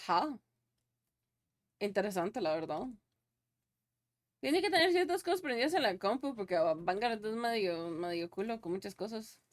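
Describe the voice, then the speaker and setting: A woman's voice: mid-range voice, animated, normal speed, long pauses. A young woman streaming live, chatting loosely with her viewers, laughing often and swearing casually.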